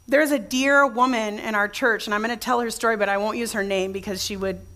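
A woman pastor with a voice on the high side speaks briskly in a steady, slightly bright tone. Her conversational sermon is full of stories with frequent restarts, and she addresses the congregation directly with questions.

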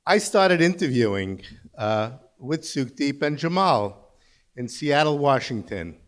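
A man's voice: medium pitch, lively intonation, a little slow. A man in his sixties, a company CEO, gives a humorous after-dinner speech, telling dry, self-mocking stories at a banquet. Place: large banquet hall.

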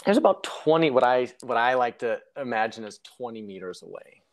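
A man's voice: medium pitch, animated, brisk. A young man telling a personal story in a casual interview, reflective and rambling, often correcting himself mid-sentence. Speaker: guest sharing a near-death story.

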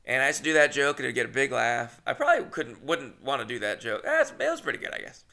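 Man, gravelly voice, bright tone, rambling self-deprecating storyteller, casual podcast chat. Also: medium pitch, sing-song, fast. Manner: rambling, self-deprecating, swears, restarts often. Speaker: podcast host.

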